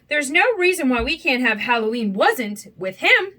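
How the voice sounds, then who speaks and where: Woman voicing a gentle bear, kindly, slow, thoughtful, lively pitch. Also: heavily acted. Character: gentle, simple-minded male teddy bear.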